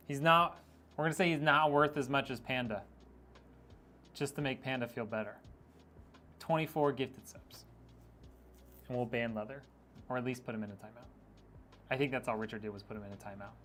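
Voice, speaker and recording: A man's voice: medium pitch, fairly bright tone, a little hiss or hum. A man streaming a PC build, chatting casually and reading viewer comments aloud with a joking, teasing manner and frequent laughs.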